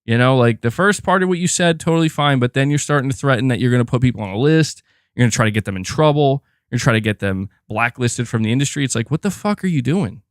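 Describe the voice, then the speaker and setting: A man hosting a casual gaming livestream, ranting in a loose, animated way with lots of filler words and free swearing. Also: mid-range voice, fast talker, smooth, dry recording, clean studio sound. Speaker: gaming podcast host.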